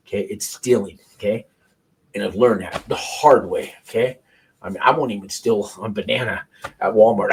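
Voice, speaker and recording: A man's voice: medium pitch, husky, low-quality recording. A man hosting a casual talk show, speaking candidly and rambling with restarts and swearing between news clips. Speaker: host reacting to news clips. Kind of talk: casual chat.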